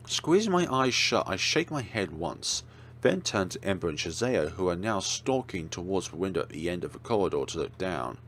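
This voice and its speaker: A man with a low voice reads a horror visual novel aloud, narrating dramatically. His delivery is lively and expressive, with wry side comments. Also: moderate pace, slight background noise. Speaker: let's play host.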